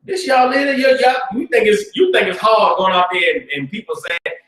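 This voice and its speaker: A man teaching a religious class in an informal, streetwise preaching style, often asking "you understand?" and swinging between low, muttered asides and loud bursts. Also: animated, normal speed, distant mic. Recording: roomy sound, speaker away from the mic.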